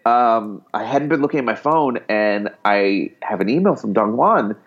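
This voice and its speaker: A man's voice: lowish voice, normal speed. Chatty man telling a story, dull recording. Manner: animated, rambling with fillers and acted-out dialogue. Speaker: guest author. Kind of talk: casual storytelling.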